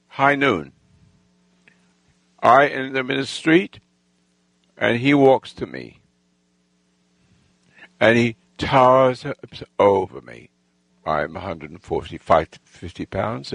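A man telling a rambling, boastful personal story, halting with restarts and lost threads. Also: mid-range voice, creaky, fairly bright tone, dry recording, poor audio. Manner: boastful, self-assured storytelling.

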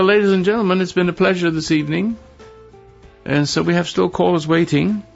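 An older man hosting a call-in radio show, counseling a caller in a rambling, preachy way and correcting himself as he goes. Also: fairly high pitch. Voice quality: gravelly, husky. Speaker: radio talk show host. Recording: dull lo-fi radio broadcast.

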